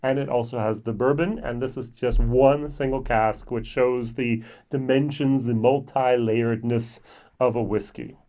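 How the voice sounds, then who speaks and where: A man's voice: medium pitch, steady tone, measured pace, dark tone. A middle-aged man giving a casual whisky tasting review to camera, chatty and thinking aloud with lots of ums and self-corrections.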